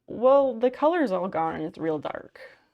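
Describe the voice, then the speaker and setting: A woman's voice: mid-range voice, sing-song, measured pace, muffled recording. A woman quoting a confused Southern caller. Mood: puzzled. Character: confused older woman caller, slow and plain-spoken.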